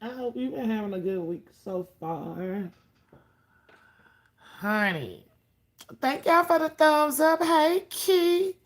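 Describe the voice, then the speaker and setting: A woman's voice: high-pitched, lively intonation, slow, long pauses. A woman hosting a casual livestream, sassy and profane, greeting viewers by name. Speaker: livestream host.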